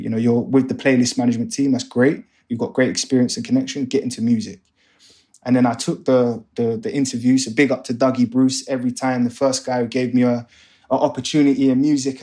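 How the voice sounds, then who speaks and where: Young man telling stories. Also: medium pitch. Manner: animated, acts out other voices in his stories. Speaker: guest, music A&R manager. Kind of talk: casual storytelling interview.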